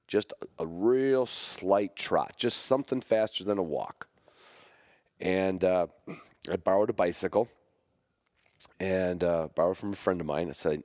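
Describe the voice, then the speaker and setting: A man hosting a podcast, telling a personal story about his dog in a rambling, halting way, with many restarts. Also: sits low, darkish tone, no echo, studio quality. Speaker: podcast host; hunting dog trainer.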